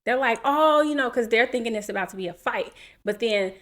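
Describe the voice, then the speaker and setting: A woman in her thirties, a podcast co-host, telling a personal story in an animated, casual way and acting out what people said. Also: a little high, fairly quick. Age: 30s. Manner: animated, acts out quotes, laughs while telling.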